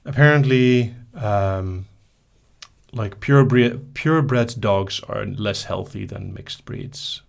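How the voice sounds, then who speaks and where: Hosting a relaxed live-stream Q&A on hypnosis, a man reads out questions from listeners and gives short replies with a light laugh here and there. His voice is fairly low and creaky, and he speaks slowly.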